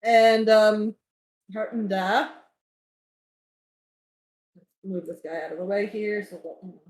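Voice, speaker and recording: A woman narrating a tabletop game as game master, chatty and quick to laugh. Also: medium pitch, darkish tone. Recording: echoey room.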